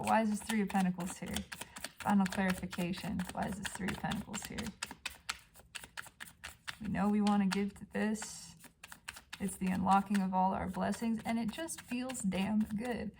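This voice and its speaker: A woman doing an intuitive tarot reading at home, gushing and dreamy, often dropping into soft whispers. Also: medium pitch, steady tone, normal speed, gravelly, a little hiss or hum. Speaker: tarot reader. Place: home by a balcony.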